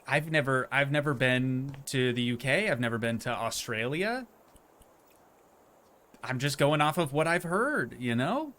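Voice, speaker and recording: A man's voice: mid-range voice, animated, a little slow, fairly bright tone, slight background noise. A young man chatting casually as he streams a game, rambling and poking fun at himself. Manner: rambling, chatty, self-deprecating. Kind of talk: casual gameplay commentary.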